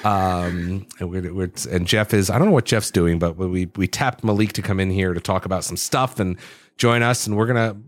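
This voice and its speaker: A man's voice: sits low, fairly even intonation, normal speed, dry recording. A man hosting a gaming podcast in casual, upbeat chat, joking with his co-hosts. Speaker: podcast host.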